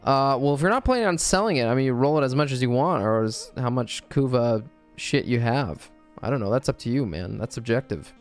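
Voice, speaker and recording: Male streamer, relaxed and foul-mouthed, lively pitch, faint music behind. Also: a little fast, few pauses, clean tone. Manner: laid-back and profane, with loose joking asides. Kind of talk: casual livestream chat and reading his own script.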